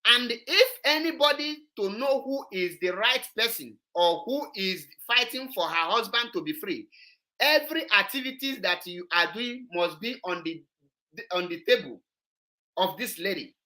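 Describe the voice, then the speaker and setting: A woman's voice: medium pitch, lively intonation, normal speed, sharp tone. A woman, hosting an online show and commenting on a played clip, emphatic and repetitive. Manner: emphatic, repetitive, switches into Igbo.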